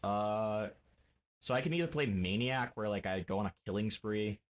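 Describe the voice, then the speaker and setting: A game streamer in a casual live-stream chat swears and rants with mock anger at his chat and friends. His voice is fairly low and his pace moderate.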